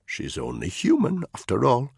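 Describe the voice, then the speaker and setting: A male narrator voicing a shifty, nervous soldier who talks low and mutters, in an audiobook thriller. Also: huge pitch swings, normal speed, gravelly, a little mellow, husky, no echo, studio quality, full character voice. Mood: furtive.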